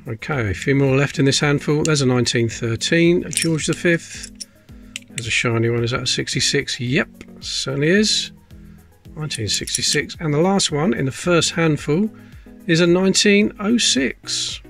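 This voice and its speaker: Man, casual coin-sorting commentary, muttering asides, higher pitch, faint background music. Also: moderate pace, vocal fry, fairly bright tone. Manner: chatty, self-mocking, muttering as he looks closely. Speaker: coin collecting channel host.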